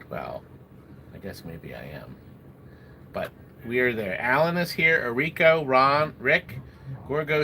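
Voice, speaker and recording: A man's voice: medium pitch, fairly bright tone. A middle-aged man hosting a casual livestream, chatting in a rambling way and greeting viewers by name. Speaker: livestream host selling arcade games. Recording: noisy room ambience.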